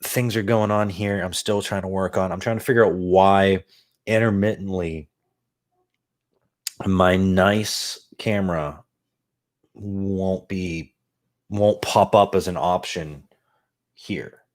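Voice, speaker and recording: A low-voiced man talks into a desk mic at home, loose and rambling. He swears casually, laughs at himself and drifts off-topic. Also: steady tone, slow pace, pauses often. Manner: rambling, profane, self-deprecating. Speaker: podcast host. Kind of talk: casual stream-of-consciousness talk. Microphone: desk USB mic on boom arm.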